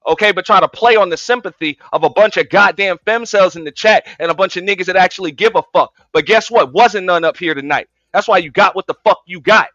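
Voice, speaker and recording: A man's voice: sits high, quick pace, hardly any pauses, a bit bright, dry recording. A man on an online panel, taunting in a profane, combative way, with a slightly muffled sound. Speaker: panel participant. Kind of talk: heated online debate. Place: online audio space.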